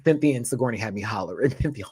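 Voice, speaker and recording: A young man from Houston, hosting a show review as casual chat, sassy and animated, cursing and mimicking others. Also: medium pitch, rapid-fire, slightly rough, no room sound, clean studio sound.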